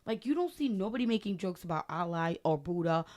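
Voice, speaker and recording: A woman's voice: fairly low pitch, lively intonation, a little fast, darkish tone. A young adult woman co-hosting a podcast, chatting casually in a slangy, laid-back way and laughing often. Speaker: podcast co-host. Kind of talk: casual chat.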